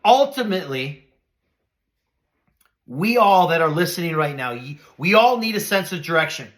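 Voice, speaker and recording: Earnest and preacherly, this middle-aged motivational podcast host speaks at a moderate pace with a sing-song lilt. His voice dips low and soft when he reflects, then rises to emphatic peaks.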